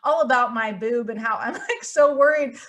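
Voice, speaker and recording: Animated woman host, high voice. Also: normal speed. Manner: animated storytelling, acts out her own thoughts. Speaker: podcast host. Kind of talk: casual chat.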